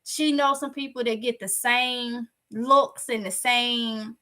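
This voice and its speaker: Chatty, bright-voiced Mississippi woman. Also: on the high side, slow pace. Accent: Mississippi Southern US. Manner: chatty, candid, lively retelling. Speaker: vlogger. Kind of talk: casual storytelling to viewers.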